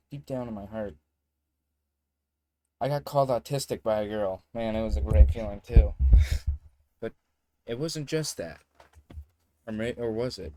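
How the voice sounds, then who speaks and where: A man's voice: lowish voice, dark tone, slight background noise. A young man telling a story in a casual vlog, rambling and joking, with some swearing. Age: young adult. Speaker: vlogger.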